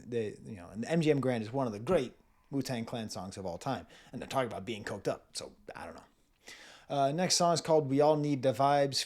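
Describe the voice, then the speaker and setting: A man giving a casual spoken music review, thinking aloud with frequent fillers, restarts and chuckled asides. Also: mid-range voice.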